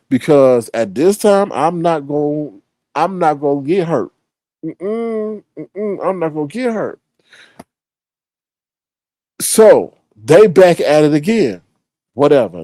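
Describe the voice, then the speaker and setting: A man casually telling a story, animated, swearing freely and acting out the other people's voices. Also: on the high side, no room sound, clean studio sound.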